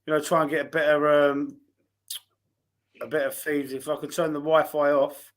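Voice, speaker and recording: On a video call, a Cockney man runs a laid-back football podcast, talking in a chatty, hesitant way and dropping in plenty of fillers. His voice sits a little high, and his flat delivery keeps a moderate pace.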